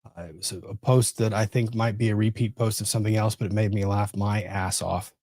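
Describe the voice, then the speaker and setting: Guy hosting a chatty legal livestream, keeps getting sidetracked, mellow voice, dry sound. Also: lowish voice, fairly even intonation, a little fast, no echo. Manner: rambling, easily distracted, self-interrupting. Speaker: livestream host. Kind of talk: casual legal commentary livestream.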